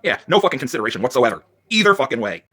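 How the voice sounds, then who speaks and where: A worked-up man ranting in a profane vlog, swinging between loud outbursts and low muttering. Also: big pitch swings, very fast, slight background noise. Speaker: vlogger.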